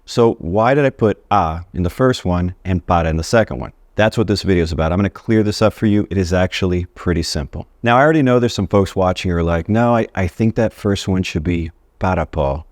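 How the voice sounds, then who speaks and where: Man, low voice, dry close sound, friendly language teacher, casual video lesson, chatty. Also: fast, few pauses, darkish tone, dry recording. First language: English. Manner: friendly, talks straight to viewers. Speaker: Spanish teacher.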